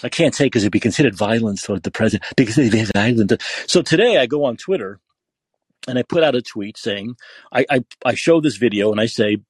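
Angry, foul-mouthed male podcaster on a rant, husky, dry close sound. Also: medium pitch, lively intonation, fairly quick, no room sound. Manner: angry, profane, repetitive ranting. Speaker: podcast host. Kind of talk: political rant.

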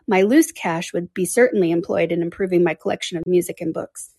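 A woman reading aloud, voicing an eager, passionate young woman in an animated, emphatic manner. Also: lowish voice, a little fast, husky, no echo, clean studio sound. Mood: earnest.

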